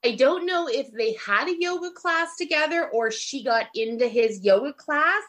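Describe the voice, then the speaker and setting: Woman, high voice, bright tone, podcast co-host, casual gossip storytelling. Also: normal speed. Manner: animated storyteller, mimics others with put-on voices.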